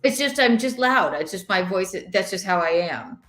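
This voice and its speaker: A woman hosting a podcast, chatting casually in an animated, rambling way with lots of restarts. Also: mid-range voice, normal speed. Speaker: podcast host. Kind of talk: casual chat. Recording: roomy echo.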